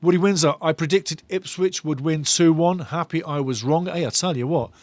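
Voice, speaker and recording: A man's voice: a little high, moderate pace, a little mellow, dry recording. A male fan host reading viewers' chat aloud during a live football watch-along, enthusiastic and given to repeating his phrases.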